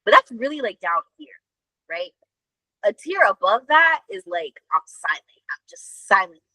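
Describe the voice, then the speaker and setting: A woman co-hosting a podcast, telling a story in casual chat, animated and full of fillers and swearing. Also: medium pitch, normal speed, no echo, low-quality recording. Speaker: podcast co-host.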